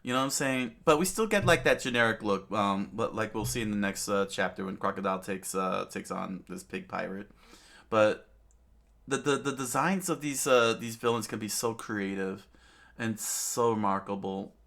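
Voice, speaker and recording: A man's voice: lowish voice, normal speed, vocal fry, fairly bright tone. A middle-aged man in casual commentary, rambling with many fillers, restarts and asides to the listener as he talks about a comic. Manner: rambling, many fillers and restarts, "you know what I'm saying". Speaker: channel host reading and commenting on manga.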